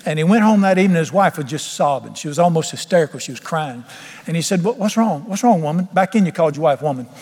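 A man's voice: fairly high pitch, animated, fast talker, a little mellow. A man preaching a fervent, folksy sermon with humor. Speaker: pastor. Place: church sanctuary. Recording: long church reverb, faint music.

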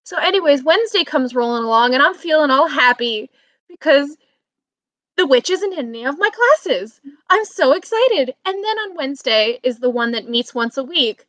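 Young woman, high voice, dry close sound, lively storytelling on a video call. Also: moderate pace, no room sound. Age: young adult. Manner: animated storytelling, swinging to loud exclamations. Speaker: college student telling a story. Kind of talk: casual chat.

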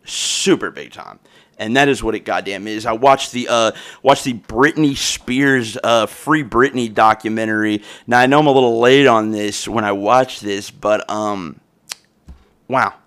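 A man's voice: lowish voice, a little slow, fairly bright tone. Profane rambling young man storyteller. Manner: loose, profane, rambling with restarts. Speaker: podcast host.

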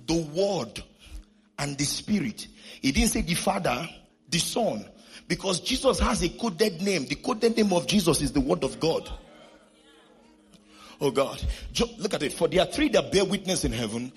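A man preaching a sermon from scripture, with emphatic, sing-song repetition that rises into shouting. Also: on the high side, vocal fry. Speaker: pastor.

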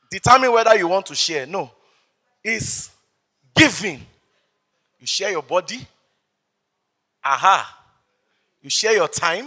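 Bright-voiced Nigerian pastor preaching. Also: male voice, high voice. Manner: animated storytelling, acts out voices. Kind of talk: sermon. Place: church service.

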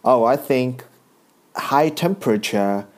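A man's voice: mid-range voice, expressive, takes it slowly. A man quoting an old woman at a sauna in a plain, matter-of-fact way.

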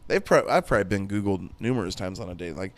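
A man's voice: deep voice, animated, fast. A man in his thirties hosting a podcast solo, rambling and joking crudely in casual chat. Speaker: podcast host.

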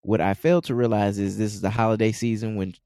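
A man's voice: lowish voice, steady tone, quick pace, mellow, no room sound, clean studio sound. A man co-hosting a podcast, easygoing in casual chat and running through show announcements. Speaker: podcast co-host.

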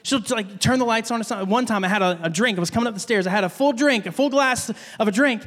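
A man preaching a sermon as a pastor, telling a story with animated delivery and acting out voices, in a church. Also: sits high, fast. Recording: long reverb of a large hall.

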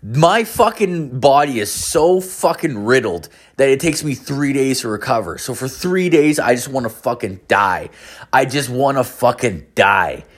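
A man's voice: mid-range voice, lively intonation, a little slow. A man in his late thirties telling a rambling, profanity-heavy story about drunk calls and hangovers. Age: 30s. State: hungover. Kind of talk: casual storytelling monologue.

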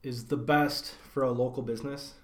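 A man's voice: mid-range voice, steady tone, normal speed, faint music behind. A young man hosting a podcast, chatting casually in a loose, slangy way with plenty of swearing and fillers. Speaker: podcast host. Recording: echoey room.

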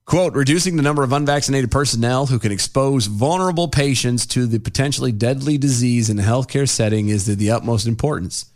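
Guy on a podcast reading quotes and getting fed up, mid-pitch voice. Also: fast talker, hardly any pauses, a little mellow. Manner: exasperated, ranting, reads news quotes. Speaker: podcast co-host. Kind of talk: casual political chat, reading quotes aloud.

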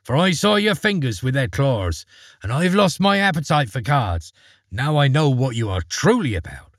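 A man's voice: medium pitch, sing-song, normal speed, no echo, clean studio sound. A man voicing a bold, fearless young lad in a storybook, in a raised, cheeky voice. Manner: plucky, matter-of-fact, cheeky.

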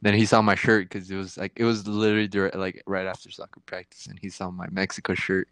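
A man's voice: low voice, flat delivery, fast, a bit bright, no echo. A young man telling a crude story in casual chat, rambling and slangy, laughing at his own jokes.

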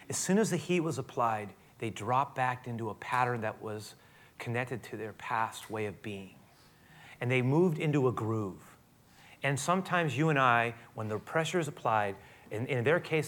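A man's voice: mid-range voice, fairly bright tone. A man preaching a sermon in a conversational way, often restarting and speaking directly to his listeners. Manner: conversational, with frequent restarts and asides to the congregation.

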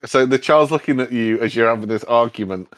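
A man's voice: mid-range voice, a little fast, fairly bright tone, no room sound. A man narrating a tabletop game as game master, casual and rambling. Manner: casual, rambling with fillers and voiced figures.

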